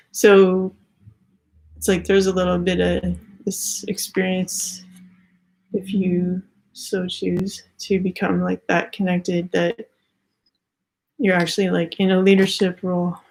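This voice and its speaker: A woman's voice: on the low side, creaky, a little mellow. A young adult woman giving a casual spiritual tarot reading, rambling with many "like" fillers and slightly out of breath. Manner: rambling, heavy use of "like" fillers. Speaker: tarot card reader.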